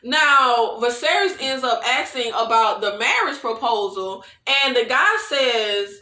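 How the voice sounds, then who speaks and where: A woman giving a casual, animated TV recap, slangy and laughing often. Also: fairly high pitch, unhurried, hardly any pauses, echoey room. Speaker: show recap reviewer.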